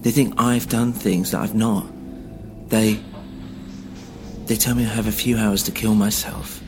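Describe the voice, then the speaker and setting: A male storyteller voices a bruised, frightened stranger with a German accent, his low voice pleading in halting pieces. He is desperate and fearful, hiding from people he dreads. Soft music sits faintly beneath the story. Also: little pitch movement, natural voice. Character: frightened, beaten middle-aged German man, pleading.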